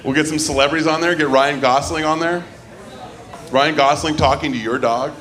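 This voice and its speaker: A man's voice: on the high side, brisk, a bit bright, a little hiss or hum. A man hosting a comedy open mic, telling loose, joking stand-up bits on a club stage. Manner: loose, joking, does silly voices for bits. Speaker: comedy show host.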